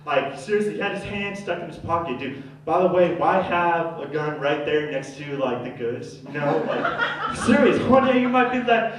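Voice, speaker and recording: A young man doing stand-up, telling a rambling, slangy story and loudly acting out the people in it. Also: on the high side, moderate pace, heavy background noise. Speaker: stand-up comedian. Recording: echoey room from far off.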